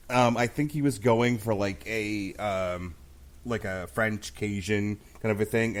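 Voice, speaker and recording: Lower-voiced man musing hesitantly. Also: a bit bright. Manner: hesitant, lots of ums. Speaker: podcast guest. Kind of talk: casual movie review chat.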